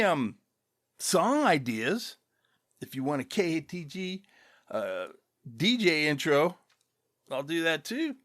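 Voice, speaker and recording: A man hosting his own podcast, rambling loosely and casually with chuckling asides, relaxed after an edible. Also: fairly high pitch, no room sound, studio quality. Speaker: podcast host.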